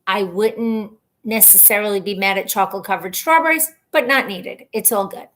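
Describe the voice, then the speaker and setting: A woman in her thirties with a mid-range, somewhat bright voice talks at normal speed as she hosts a casual livestream from home. Viewer comments get read aloud in her rambling, chatty style, and she laughs at herself along the way.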